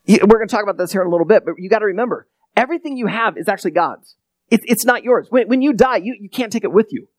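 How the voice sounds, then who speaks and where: Brief: male pastor, casual sermon delivery, high and lively voice, dry sound. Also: very fast, dry recording. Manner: conversational, repeats words when he restarts.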